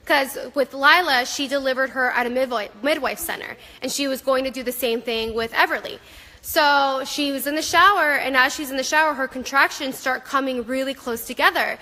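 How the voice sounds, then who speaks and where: A woman's voice: high voice, moderate pace, sharp tone, big-room sound. A woman author chatting casually on a live video, telling rambling stories with many fillers.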